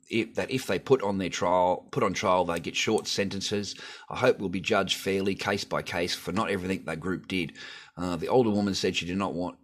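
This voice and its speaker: A man with a very deep voice reads a news article aloud in a plain, steady way. He keeps stopping to throw in crude, sweary, mocking remarks of his own as the host of his channel. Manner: swears often, mocking asides between read passages. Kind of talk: reading aloud with crude running commentary.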